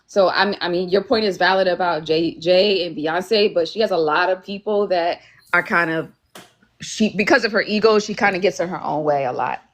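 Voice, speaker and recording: A woman's voice: lowish voice, normal speed. A woman on a live-stream panel who argues her view earnestly, hedging with "like" and "um". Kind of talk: casual panel discussion.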